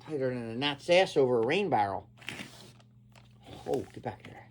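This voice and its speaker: Tipsy man, casual unboxing vlog, rambling, muttering then exclaiming, mid-pitched voice. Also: animated, normal speed, heavy background noise. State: tipsy after drinks. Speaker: vlogger.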